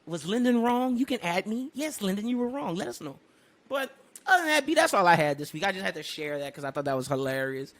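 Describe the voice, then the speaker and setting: A man co-hosting a casual podcast, telling a story with animated energy, laughing often and breaking into loud bursts. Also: high voice, fast talker. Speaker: podcast co-host.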